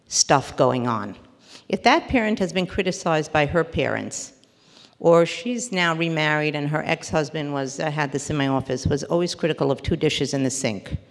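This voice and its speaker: A woman therapist gives a parenting workshop in a somewhat low voice, earnest and emphatic. She often breaks off mid-word and starts again. Her voice carries a long hall reverb. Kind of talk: workshop lecture.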